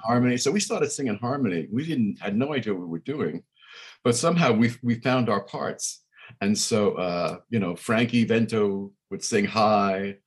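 A man's voice: fairly low pitch, animated, normal speed, breathy edge. A man, a musician guest chatting in an interview and rambling with many fillers and restarts. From Brooklyn, New York. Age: 60s. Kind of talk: casual interview chat.

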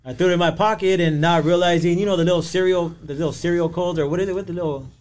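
A man's voice: high voice, steady tone, fast talker, a little mellow. Easygoing Californian man telling stories. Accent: Southern California. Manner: easygoing, laughs while telling stories, says "you know what I mean". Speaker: podcast guest. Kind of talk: casual storytelling.

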